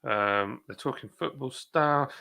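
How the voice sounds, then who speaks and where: A man with a gravelly, mid-range voice that sounds pushed and bright hosts a casual live chat stream for a brewery. He talks a little slowly, rambling and poking fun at himself as he reads viewer comments aloud with plenty of fillers.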